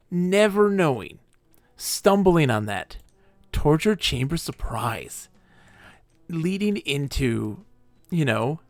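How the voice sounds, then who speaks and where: Game streamer, male, slow-talking and excitable, dry close sound, keyboard clicks behind. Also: a little high, no echo. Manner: enthusiastic, rambling, laughs often. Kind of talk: live game stream commentary.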